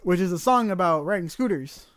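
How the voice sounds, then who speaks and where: A man's voice: high voice, expressive, a little fast, a bit bright, no room sound, studio quality. A young man co-hosting a podcast, chatting casually and rambling, often restarting his sentences. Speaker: podcast co-host. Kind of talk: casual chat.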